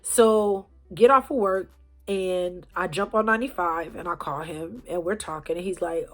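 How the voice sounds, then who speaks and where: A woman telling a personal story to her viewers in a chatty, animated way. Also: fairly low pitch, normal speed. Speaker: storyteller, channel host. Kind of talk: casual storytime vlog.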